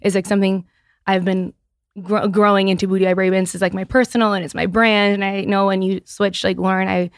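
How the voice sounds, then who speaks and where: A woman's voice: mid-range voice, a little fast, no room sound, studio quality. A woman in her thirties who talks openly in a casual podcast interview, often restarting her sentences. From Boston area. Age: 30s. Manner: candid and animated, with frequent restarts and "like". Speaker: guest, business founder.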